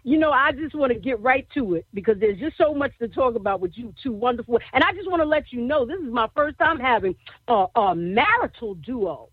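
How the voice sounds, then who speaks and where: Woman, gospel radio host, high bouncy voice, exuberant, laughs a lot, phone-line sound. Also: animated, a little fast, slightly rough. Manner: exuberant, laughing, repeats "I tell you". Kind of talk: enthusiastic gospel radio hosting.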